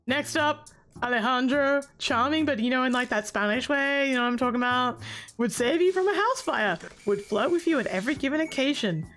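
A woman talking through a casual commentary video essay, brash and sarcastic, who swears freely and bursts into loud exasperated outbursts. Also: high voice, expressive, a little fast, soft background music.

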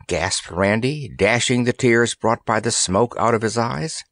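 A man narrating a children's fantasy story in an expressive, animated storytelling manner. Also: lowish voice, moderate pace, few pauses, dry recording, studio quality. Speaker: audiobook narrator.

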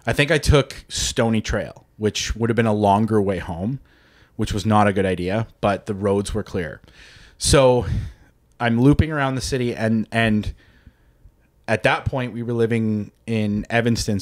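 A man, telling a story in casual chat on a podcast, swearing freely and acting out the voices of the people in it. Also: fairly low pitch. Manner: animated, swears freely, acts out quoted voices. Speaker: podcast guest.

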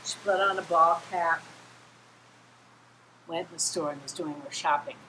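A woman giving a children's sermon, telling a Bible story in an animated way and acting out the voices of the people in it. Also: deep voice, measured pace, a little hiss or hum, low-quality recording. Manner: animated, acts out quoted voices, talks straight to kids. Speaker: children's message leader.

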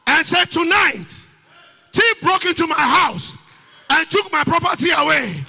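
A man with a Ghanaian accent preaches into a microphone in church, raising his voice to a shout on each point. His voice sits very high and sounds sharp and bright. His pitch swings widely as he drives the message home. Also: sing-song, unhurried, vocal fry, big-room sound. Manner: preaching, often shouting with rising emphasis. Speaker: pastor. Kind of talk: sermon.

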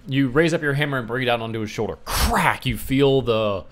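A man's voice: mid-range voice, fast talker. A man running a tabletop game as game master, narrating scenes with spoken sound effects over an online voice chat mic.

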